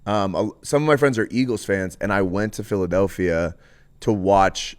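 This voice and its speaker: A man hosting a podcast in casual chat, upbeat, laughing easily and tossing in quick asides. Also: on the low side, smooth. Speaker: podcast host.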